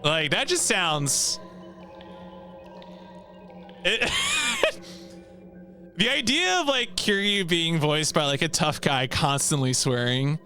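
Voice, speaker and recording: A man streaming a video game, chatting casually with viewers in an animated way and laughing often. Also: on the high side, slow pace, long pauses, soft background music.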